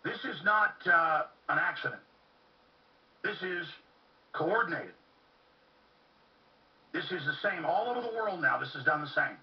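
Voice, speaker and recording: A man with a rather high, gravelly voice rants fervently as a talk radio host, hammering his points with urgent repetition. He sounds set back from the microphone, and the recording comes across muffled and lo-fi. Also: lively intonation, a little slow, pauses often, recorded from a distance. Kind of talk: impassioned monologue.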